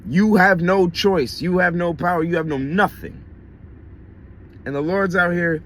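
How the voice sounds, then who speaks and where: A man's voice: high-pitched, unhurried, fairly bright tone. A man preaching a casual sermon in a blunt, conversational way, with swearing and slang.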